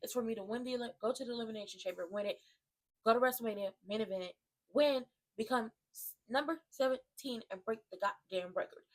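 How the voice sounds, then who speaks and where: A woman with a fairly high voice rants in casual, slangy commentary. She is animated and emphatic and keeps turning to her viewers with asides as she retells the action. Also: fast. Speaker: wrestling commentary vlogger. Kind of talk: casual ranting recap.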